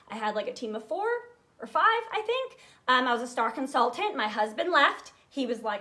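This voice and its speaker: A woman in her thirties, a sales team leader, giving an energetic, earnest live training talk straight to her viewers. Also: high-pitched, a little fast. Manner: energetic, earnest, fired up, talks directly to viewers.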